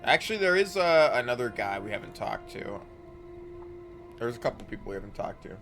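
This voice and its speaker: A man's voice: mid-range voice, very animated, brisk, creaky, a bit bright, faint music behind. A man streaming a game live, chatting casually and reading the game's narration aloud with the odd stumble.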